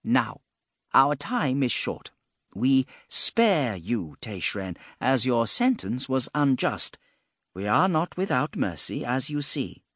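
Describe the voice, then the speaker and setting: A man's voice: medium pitch, very animated, takes it slowly, a bit bright, dry recording, studio quality, heavily acted. A man voicing an ancient giant female serpent spirit, commanding and dismissive. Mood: imperious. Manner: imperious, clipped.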